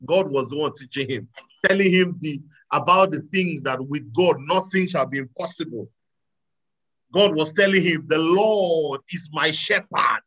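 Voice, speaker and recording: A man preaching a sermon to a live audience, animated, swinging between loud exclamations and quiet asides. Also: a little high, poor audio. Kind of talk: sermon with audience call-and-response.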